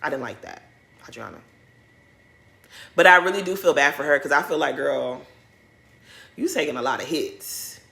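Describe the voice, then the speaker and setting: A woman's voice: low-pitched, animated, normal speed, gravelly, pauses often, bright, forceful tone. A woman hosting a casual TV recap, sassy and emphatic, repeating her points. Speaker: recap host.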